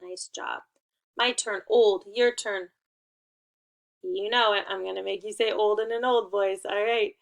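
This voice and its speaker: A woman teacher speaks to young children in an unhurried, patient way. She gives playful and encouraging instructions, and her voice sits at an ordinary middle pitch for a woman. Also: steady tone, creaky. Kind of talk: remote class lesson for young children.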